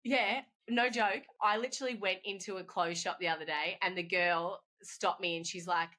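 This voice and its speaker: A woman's voice: mid-range voice, steady tone, normal speed, hardly any pauses, sharp tone. A woman with an Australian accent, a wedding photographer chatting as a podcast guest, joking and laughing often. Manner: laughs often, playful and jokey. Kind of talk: casual chat.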